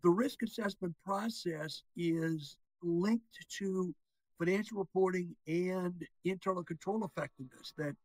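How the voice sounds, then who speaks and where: A man as interview guest, explaining policy topics in a deliberate, measured way with occasional restarts. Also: sits high, no room sound, low-quality recording. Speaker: interview guest, securities regulator.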